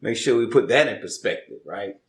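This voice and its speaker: Lively guy co-host laughing a lot, voice jumps around, echoey room. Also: fairly low pitch, fairly quick, vocal fry. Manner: animated, laughing, preacher-like emphasis. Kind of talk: casual chat. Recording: roomy room echo.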